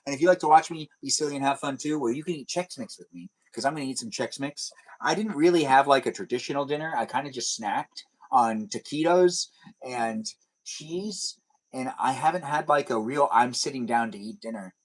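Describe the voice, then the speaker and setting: A man hosting a livestream in casual, playful chat, rambling and sometimes drawing words out slowly. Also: medium pitch. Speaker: livestream host.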